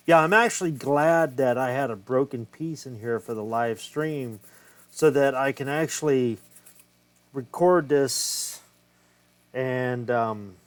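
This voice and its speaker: A man talks slowly and loosely while he works on an old game cartridge. He thinks out loud in a casual, unpolished way and swears freely. His voice sits at an ordinary middle pitch. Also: no echo. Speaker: retro game collector. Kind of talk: casual hands-on repair vlog.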